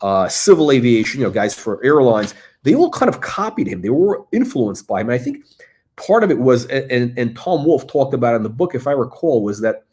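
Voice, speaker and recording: A man's voice: mid-range voice, big pitch swings, brisk, darkish tone. Rambling man hosting a casual livestream. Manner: rambling, many fillers and restarts. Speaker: host.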